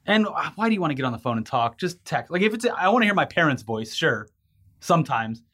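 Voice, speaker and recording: Chatty higher-voiced man co-hosting. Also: very animated, fast talker, a bit bright, slightly rough. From California. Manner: rambling, laughs easily, reads news stories aloud. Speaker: podcast co-host. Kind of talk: casual news chat.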